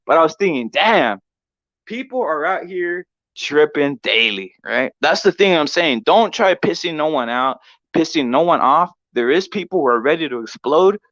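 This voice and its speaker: A male boxing show host with a voice pitched a little above most men's. He talks in a loose, profane, rambling way and keeps checking in with "right?" The recording is dull and lo-fi, with a dry, close sound. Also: expressive, moderate pace, fairly bright tone, no echo. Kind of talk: casual storytelling.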